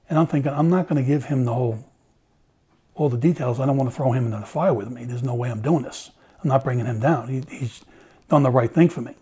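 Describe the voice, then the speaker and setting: A man's voice: medium pitch, fast talker, dark tone, breathy edge. A middle-aged man, a former police officer, telling a story in casual conversation, acting out the dialogue and swearing freely.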